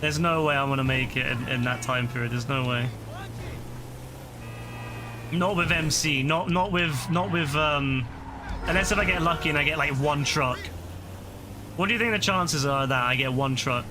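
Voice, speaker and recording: A man's voice: on the high side, moderate pace, pauses often. A tired man streaming a game, talking to himself and the game in a frustrated, exclaiming way, his voice starting to break. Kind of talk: live gameplay commentary. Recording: clear game noise behind the voice.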